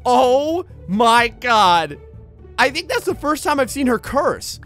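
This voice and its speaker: A man's voice: extremely high pitch, big pitch swings, takes it slowly, a bit bright, faint music behind. A man giving casual let's-play commentary, joking, swearing and laughing as he plays. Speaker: gameplay commentator.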